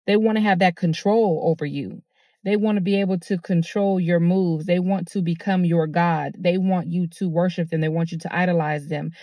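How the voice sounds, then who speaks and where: A woman hosts a motivational talk in a fairly low voice. She talks earnestly and repeats her points, with plenty of fillers. Her voice is recorded close and dry. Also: warm tone, no room sound. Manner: earnest and repetitive, with many fillers. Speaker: host.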